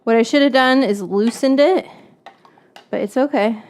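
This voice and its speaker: A woman's voice: fairly high pitch, moderate pace. Chatty, playful woman hosting a cooking stream. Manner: playful, chatty, self-mocking. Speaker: cooking show host. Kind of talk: casual livestream cooking chat. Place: home kitchen.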